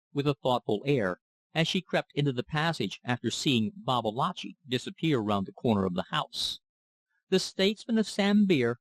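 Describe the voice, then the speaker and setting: A man reading a classic novel as an audiobook narrator, in a steady, even-paced manner on a close mic. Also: mid-range voice, dry recording.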